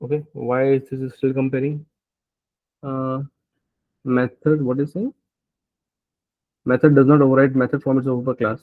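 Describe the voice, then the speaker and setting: A man's voice: medium pitch, flat delivery, normal speed, pauses often, no echo, phone-quality sound. A man teaching programming as he codes live, thinking aloud and often checking in with "right?". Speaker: programming instructor. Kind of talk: live coding tutorial.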